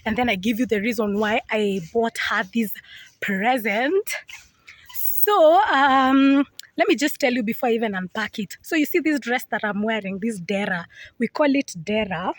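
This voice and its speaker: A young woman vlogs outdoors in a village compound, chatting casually and playfully to her viewers on a phone camera. Her voice is on the high side with lively intonation and a moderate pace, and there's no room sound.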